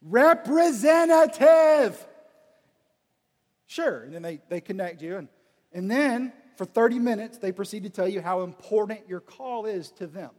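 Man, high-pitched voice, humorous storyteller, animated, long hall reverb. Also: normal speed. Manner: animated, acts out dialogue. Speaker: speaker.

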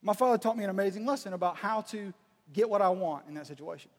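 A man giving a humorous storytelling talk, animated and acting out bits of dialogue. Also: high voice, fast talker. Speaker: speaker. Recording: reverberant hall.

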